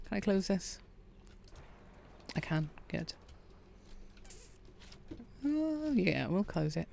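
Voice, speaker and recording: A woman, quietly commentating a farming game and chatting with her viewers. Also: lowish voice, drawn-out words, vocal fry, a little hiss or hum. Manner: quiet, relaxed, chats with viewers. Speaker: streamer. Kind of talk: calm gameplay commentary.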